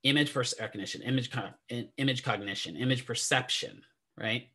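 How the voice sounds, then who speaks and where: A man's voice: mid-range voice, fairly quick, sharp tone, breathy edge. A man teaching a classroom lecture in a chatty, digressive way, often asking the students questions. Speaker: physical therapy instructor.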